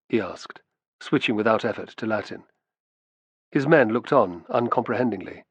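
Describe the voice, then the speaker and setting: A man reading an audiobook in steady, measured scripted narration. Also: lowish voice, husky, no echo, highs cut off.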